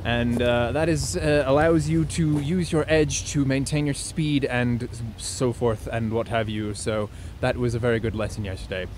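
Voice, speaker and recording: A man's voice: medium pitch, moderate pace, hardly any pauses, a little hiss or hum. Chatty young man vlogging outdoors. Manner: chatty, excitable, thinks aloud. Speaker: vlogger learning to snowboard. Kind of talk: casual vlog commentary. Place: outdoors on a ski slope.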